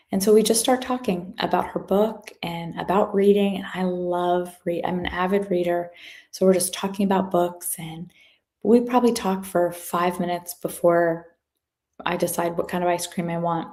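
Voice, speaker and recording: A woman giving a motivational talk as a guest speaker, telling a story from her work in an animated way and acting out the people in it. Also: on the low side. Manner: animated, acts out quoted voices.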